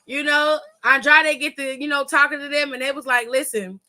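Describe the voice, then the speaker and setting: With a high, bright voice and forceful tone, this woman delivers things flatly and fairly quickly. She hosts a casual wrestling aftershow, recapping through loose, profane, gossipy storytelling.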